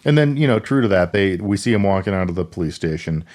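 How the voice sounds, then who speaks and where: A deep-voiced man co-hosting a casual podcast, walking through a film's plot. He rambles and restarts often, filling his pauses with ums and uhs. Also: lively intonation, darkish tone. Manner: rambling, halting retelling with many fillers and restarts. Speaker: podcast co-host. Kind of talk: casual chat recapping a film.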